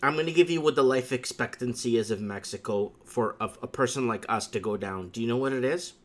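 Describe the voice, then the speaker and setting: A man's voice: mid-range voice, fairly quick. A man hosting a casual talk show, telling stories emphatically and circling back to the same catchphrases. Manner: emphatic storytelling with repeated catchphrases. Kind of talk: casual chat.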